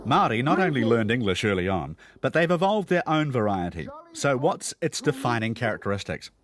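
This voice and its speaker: A man giving scripted documentary narration in a measured, explanatory way. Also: mid-range voice, very animated, a little hiss or hum.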